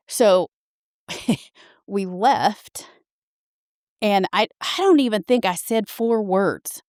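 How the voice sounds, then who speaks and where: A woman in her fifties recounts a personal experience in an earnest, halting way and keeps circling back to restart her sentences. Her voice sits at an ordinary middle pitch. It is recorded close and dry, with no room sound. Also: expressive, no echo. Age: 50s. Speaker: podcast guest sharing her story. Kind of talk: personal storytelling.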